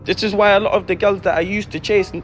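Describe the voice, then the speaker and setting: A man's voice: high-pitched, steady tone, fast, soft background music. A bubbly man, ranting casually in slangy street talk. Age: 30s. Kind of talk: casual vlog rant.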